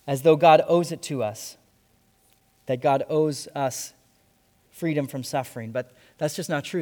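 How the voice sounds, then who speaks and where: Male pastor, slightly higher voice, earnest sermon delivery in a church with long reverb. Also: darkish tone. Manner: earnest, repeats phrases for emphasis, slows on key lines.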